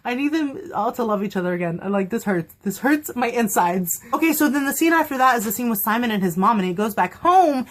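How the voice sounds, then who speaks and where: A young woman chatting casually on her vlog, excitable and quick to laugh, acting out quotes as she goes. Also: fairly high pitch. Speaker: vlogger reviewing a TV episode. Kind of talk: casual chat.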